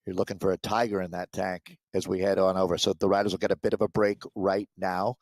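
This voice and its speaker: A man with a gravelly, fry-edged voice at an ordinary pitch calls a virtual bike race, getting excitable as the finish nears. The sound is dry and close, like a headset mic. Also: fast talker, no room sound. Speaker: esports cycling commentator. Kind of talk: play-by-play race commentary.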